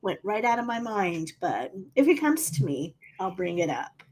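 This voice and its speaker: A woman's voice: mid-range voice, very animated, moderate pace, breathy edge. A woman co-hosting a casual podcast, chatting and telling stories. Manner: chatty, storytelling. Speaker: podcast co-host.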